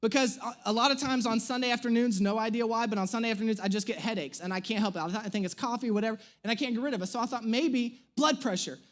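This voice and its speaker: Pastor guy in his 30s, high voice, funny animated sermon story, pokes fun at himself. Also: fast, few pauses. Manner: storytelling, animated and self-mocking. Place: church stage.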